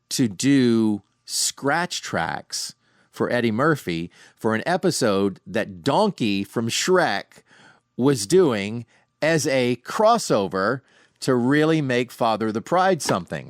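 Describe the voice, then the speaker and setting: A middle-aged man hosting a podcast, casually telling animated anecdotes from home with frequent restarts. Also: mid-range voice, dry recording, studio quality. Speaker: podcast host. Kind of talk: casual storytelling monologue. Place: home, sitting on a couch.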